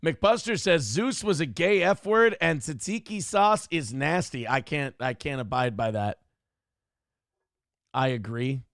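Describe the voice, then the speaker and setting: A man's voice: a little high, expressive, measured pace, a bit bright, no echo, studio quality. A man hosting a live-stream commentary show, talking in a sarcastic, profane, mocking way. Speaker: show host.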